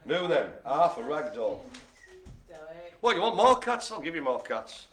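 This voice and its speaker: Lively, bright-voiced man hosting bingo. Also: fairly high pitch, a little slow. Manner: jokey, punning, chatty. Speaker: bingo host. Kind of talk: live streamed game hosting.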